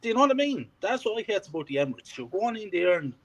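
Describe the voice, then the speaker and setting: A man in casual conversation, cursing freely as he tells a heated story. His pitch swings widely and sits a little high, giving his talk an animated, worked-up feel. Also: fast, dull audio. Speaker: co-host of a fan podcast. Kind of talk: casual chat.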